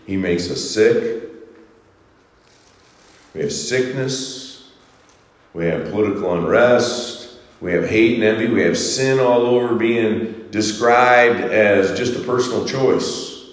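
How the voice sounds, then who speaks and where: A man preaching a Sunday sermon as pastor, swinging from soaring exhortations to hushed, quiet lines. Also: on the low side, takes it slowly. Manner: preaching with sweeping rises and hushed drops. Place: church sanctuary. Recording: echoey reverberant hall.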